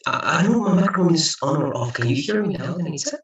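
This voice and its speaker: A man's voice: fairly high pitch, expressive, quick pace, dull audio. A man tutoring English over a video call, talking in a rambling way with many restarts and repeats. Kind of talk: online tutoring lesson. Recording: echoey room, far from the mic.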